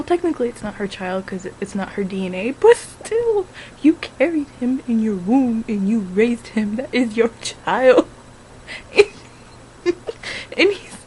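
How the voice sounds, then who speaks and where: A woman's voice: mid-range voice, darkish tone, a little hiss or hum, rough recording. A woman casually recapping a film she watched, talking loosely, swearing often and breaking into giggles. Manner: giggly, profane, keeps breaking into laughter. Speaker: vlogger reviewing a film.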